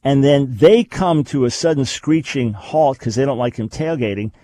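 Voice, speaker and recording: A man's voice: mid-range voice, normal speed, mellow, dry recording. A man hosts a radio teaching show in an emphatic voice, hammering his points home through repetition. His voice sits in a middle range. It is recorded dry and close, with no room sound. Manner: emphatic, repeats key phrases. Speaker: radio talk show host.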